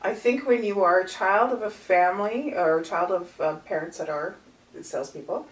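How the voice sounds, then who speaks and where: A woman guest on a podcast, a brand ambassador telling stories in a playful, animated way. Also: medium pitch, moderate pace. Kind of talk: casual podcast conversation. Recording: echoey room, distant mic.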